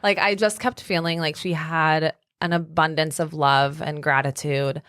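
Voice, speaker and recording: A woman in her thirties, a podcast guest telling a story in a casual, animated way with lots of fillers. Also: deep voice, measured pace, smooth, dry recording, clean studio sound. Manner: animated, chatty, many fillers. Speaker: podcast guest, salon owner.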